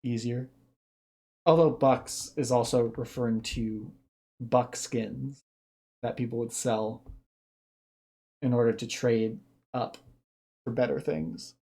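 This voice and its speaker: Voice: mid-range voice, fairly even intonation, takes it slowly, pauses often, mellow, breathy edge. A streamer giving casual reaction commentary, thinking aloud and explaining ideas at length.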